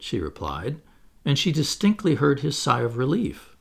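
A man narrates an audiobook in an expressive storytelling way. His voice has a gravelly texture and rises and falls a great deal. It sits at an ordinary pitch for a man. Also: normal speed. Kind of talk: audiobook reading.

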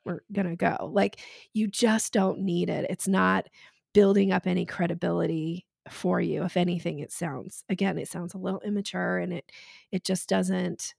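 Frank woman sales coach, gravelly edge. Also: lowish voice, steady tone, moderate pace, darkish tone, dry recording, clean studio sound. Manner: emphatic, frank, laughs between points. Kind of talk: casual podcast conversation.

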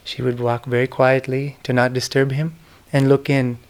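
A man's voice: mid-range voice, flat delivery, normal speed. A middle-aged man giving a reflective, devotional talk, telling stories in an earnest manner. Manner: earnest, devotional storytelling with soft, whispered quoted names. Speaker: speaker giving a talk on spiritual history. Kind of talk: reflective spoken lecture.

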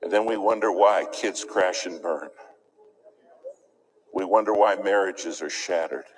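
A man preaching a sermon in a church, telling a story with dramatic swings between loud emphasis and hushed near-whispers. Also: low voice, measured pace, a little hiss or hum, low-quality recording.

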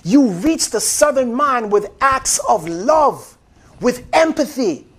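A man preaches with real fervor, his voice sitting unusually high. He drives points home by repeating his phrases and keeps addressing the congregation as beloved. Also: animated, slow pace, husky. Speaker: pastor. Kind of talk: sermon.

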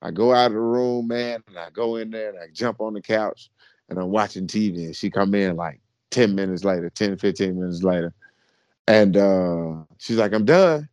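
A man co-hosting a podcast, telling a story in a casual, animated, slangy way and often calling people bro. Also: low-pitched, normal speed, clean tone, no room sound. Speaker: podcast co-host.

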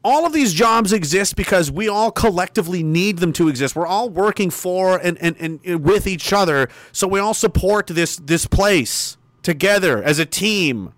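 A man ranting profanely on a casual livestream, reading out viewer comments and swinging from loud emphasis to mutters. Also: sits high, lively intonation, normal speed, few pauses, no room sound. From Canada.

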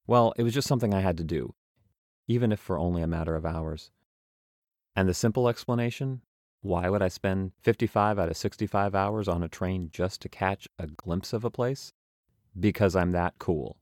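Young guy reading his travel diary, deep voice, dry close sound, joking at himself. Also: darkish tone, no echo. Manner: wry, self-mocking. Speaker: travel podcast narrator. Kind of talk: reading a travel journal aloud.

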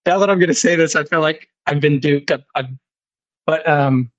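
A man's voice: fairly high pitch, normal speed, dry recording, muffled recording. A man from Utah, a guest on a podcast, chatting in a hesitant, self-deprecating way. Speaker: guest caller. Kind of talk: casual podcast chat.

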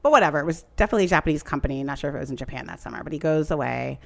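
Woman, low voice, rambling chatty storyteller, podcast recap. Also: racing, vocal fry. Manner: rambling, animated storytelling with many "like" fillers. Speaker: podcast co-host recapping a TV show. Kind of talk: casual chat.

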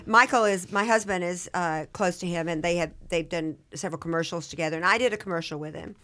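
A woman with a Southern accent, a guest actress telling lively, self-deprecating stories in a casual interview. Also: on the low side, fast. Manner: animated, self-deprecating anecdotes.

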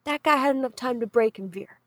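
A young adult woman casually recapping a show, acting out the characters in quick put-on voices. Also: on the high side, dry recording, rough recording. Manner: animated storytelling, acts out characters in quick voices. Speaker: podcast co-host recapping a show. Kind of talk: casual chat.

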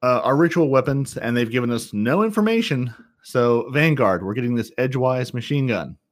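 A man hosting a gaming podcast, teasing his co-hosts and running through news in quick, rambling bursts. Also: medium pitch, animated. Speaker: podcast host. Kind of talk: casual gaming podcast chat.

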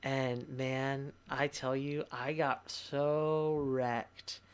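A young adult pastor tells a personal story in a candid, conversational way, full of fillers, asides and quick laughs. His voice sits in an ordinary middle pitch for a man, and he talks to the people in the room rather than preaching at them. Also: little pitch movement, smooth. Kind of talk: conversational testimony.

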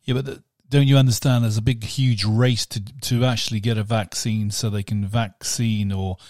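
A man's voice: on the low side, level tone, normal speed, a little mellow, no echo, studio quality. A man from southern England hosting a podcast, chatting casually with teasing, joking banter. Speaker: podcast host. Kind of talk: casual chat.

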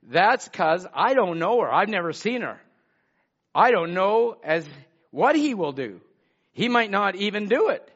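A man preaching a sermon, swinging from loud exclamations to hushed asides. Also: sits high, very animated, unhurried. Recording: muffled lo-fi sermon recording.

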